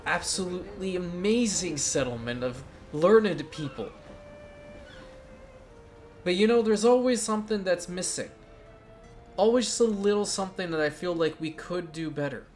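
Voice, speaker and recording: A man's voice: high voice, a bit bright, pitched above the performer's own voice. A man voicing a pompous, grandiose male ruler in a put-on theatrical accent, declaiming grand proclamations and chuckling to himself. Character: pompous grandiose male colonial ruler addressing his town.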